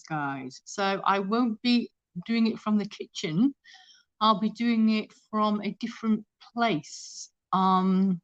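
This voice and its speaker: A woman's voice: a little high, a bit bright, lo-fi sound. A woman chatting casually and rambling on a live stream from her kitchen, reading out viewer comments as she goes. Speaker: thrift reseller hosting a live stream. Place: home kitchen.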